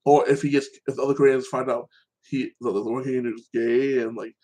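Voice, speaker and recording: A man's voice: mid-range voice, level tone, fairly quick, dark tone, low-quality recording. A man hosting a casual solo chat, rambling through TV episode recaps and filling his talk with "like that" and "you know". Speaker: show host.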